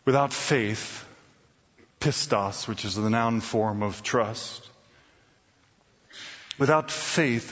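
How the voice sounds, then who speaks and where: A man's voice: mid-range voice, a bit bright. A man preaching a sermon, telling a story and quoting scripture emphatically, in a reverberant hall. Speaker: pastor. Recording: reverberant hall, dull lo-fi sound.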